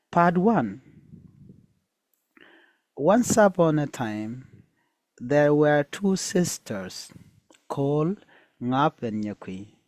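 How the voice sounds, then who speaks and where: Slow, hesitant male storyteller, dry and close. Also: mid-range voice, darkish tone, dry recording. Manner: hesitant, with many fillers. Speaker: storyteller and teacher. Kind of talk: reading a folktale aloud.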